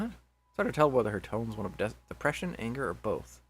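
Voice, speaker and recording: Expressive man reading a visual novel aloud. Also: medium pitch, fairly quick, slightly rough. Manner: expressive, chatty, breaks off into jokey asides. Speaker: visual novel reader, channel host.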